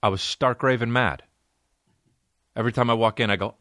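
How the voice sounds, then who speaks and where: A man's voice: mid-range voice, fairly even intonation, brisk, long pauses, pushed and bright, no room sound, clean studio sound. A man hosting a solo comedy podcast, ranting and riffing with profane, exaggerated stories. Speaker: podcast host.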